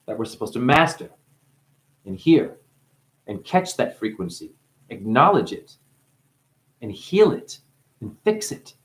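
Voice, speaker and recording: A man in a rambling spiritual monologue, free-associating through wordplay and profanity, dropping to hushed asides and breaking into crooning. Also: medium pitch, sing-song, a little slow, pauses often. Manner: profane, teasing. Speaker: spiritual talker.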